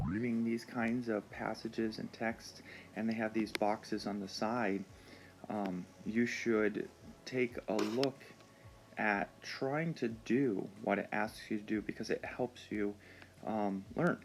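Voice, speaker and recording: A man teaching a reading lesson, explaining words slowly and patiently with frequent pauses and ums. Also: lowish voice.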